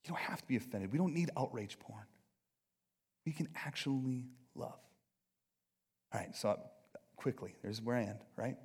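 A man's voice: medium pitch, expressive, normal speed, pauses often, darkish tone, breathy edge. A man preaching a sermon in an earnest, conversational and self-deprecating way. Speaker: pastor.

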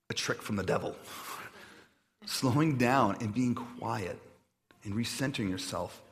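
A man preaching a sermon in an easygoing, conversational style, with a voice neither high nor low. He tells stories with self-deprecating asides and hesitations. On reflective points he drops to a quiet, slowed delivery. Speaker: pastor.

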